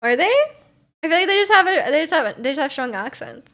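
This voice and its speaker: Chatty young woman streamer, slightly high voice. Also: lively intonation, fast talker, sharp tone. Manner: rambling, heavy use of "like", frequent laughs. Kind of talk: casual chat with viewers.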